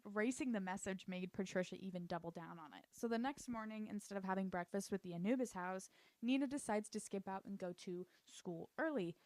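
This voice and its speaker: A woman's voice: medium pitch, darkish tone, no echo. A woman chatting casually and sarcastically as she recaps a TV show, full of "like" asides. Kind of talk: casual commentary.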